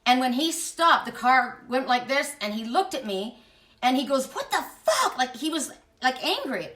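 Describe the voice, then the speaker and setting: A woman's voice: high voice, expressive, moderate pace, a bit bright, echoey room, recorded from a distance. A woman giving an impassioned spiritual monologue as host, emphatic and blunt, swearing freely.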